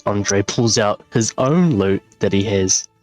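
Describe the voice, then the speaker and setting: A man playing a tabletop game, speaking in a slow, relaxed way. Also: fairly low pitch, faint music behind. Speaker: player. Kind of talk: casual tabletop play.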